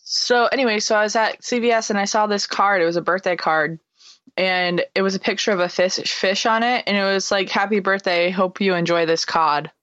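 A woman's voice: mid-range voice, fairly quick, a bit bright, no echo, highs cut off. A woman from the Boston area with a mild Boston accent, co-hosting a casual chat and telling rambling stories full of fillers. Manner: rambling, filler-heavy storytelling. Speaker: podcast co-host.

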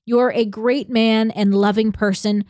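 A woman co-hosting a podcast, reading a letter and a call transcript aloud in a measured, steady way. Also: fairly high pitch, no echo, studio quality.

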